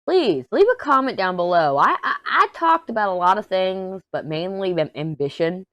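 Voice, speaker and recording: A woman, chatting casually as a crafting vlogger in a hoarse, tired voice, rambling and self-deprecating. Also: medium pitch, expressive, moderate pace, fairly bright tone, no echo. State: hoarse, worn out. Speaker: crafting YouTuber. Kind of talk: casual chat while diamond painting.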